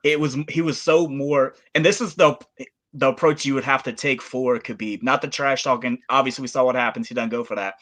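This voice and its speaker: A man's voice: mid-range voice, fairly even intonation, brisk, fairly bright tone. A man co-hosting a casual sports talk show, rambling through his points with repeated phrases. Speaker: co-host.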